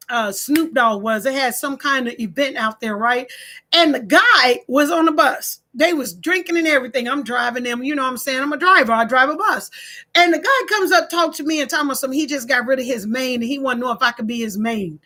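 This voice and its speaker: High, bright-voiced woman giving blunt advice. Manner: animated, preachy, acts out her own quoted lines. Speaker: host of own video page. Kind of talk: casual talk to camera.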